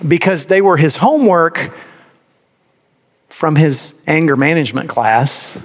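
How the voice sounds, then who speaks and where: Pastor preaching in an echoing hall. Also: male voice, on the high side. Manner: animated, rhetorical questions, mock voices. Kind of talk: sermon. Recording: long reverb of a large hall.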